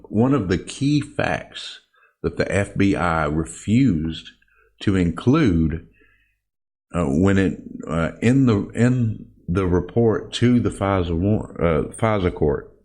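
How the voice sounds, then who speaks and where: A man with a low-pitched voice talks slowly through a solo political commentary. He is emphatic and indignant, restarts his sentences often, and speaks straight to his listeners. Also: a little mellow. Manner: frequent restarts and fillers. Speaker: podcast host.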